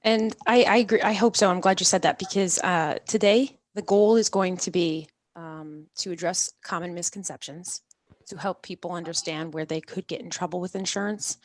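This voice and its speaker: A woman's voice: on the low side, normal speed, no room sound, studio quality. A woman hosting a live-streamed talk show, upbeat and talkative as she explains things to her audience. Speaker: host of a live industry show.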